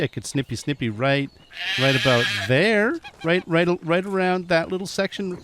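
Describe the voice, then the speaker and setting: A man's voice: fairly high pitch, moderate pace, background noise. A man giving casual, chatty gameplay commentary, often laughing and talking to the animals in the game. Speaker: gameplay streamer. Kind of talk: casual let's-play commentary.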